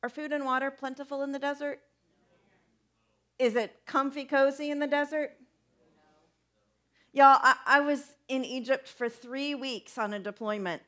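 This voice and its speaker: A woman's voice: high voice, moderate pace, long pauses. A young woman pastor preaching a conversational sermon, asking her listeners questions as she goes. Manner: conversational, animated, asks the congregation questions.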